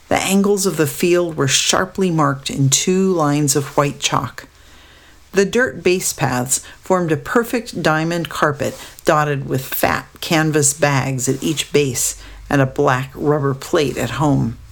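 A woman narrating a storybook aloud in a steady, descriptive way. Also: low-pitched, gravelly.

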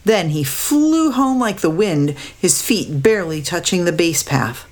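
A woman narrating a children's story aloud in a calm, measured way. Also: lowish voice.

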